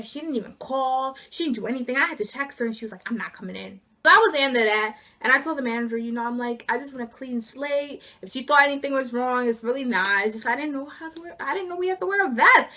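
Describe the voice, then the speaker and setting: A seventeen-year-old girl ranting her way through a casual vlog story, exasperated and animated. Her voice sits high and sounds bright and forceful. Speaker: student vlogger.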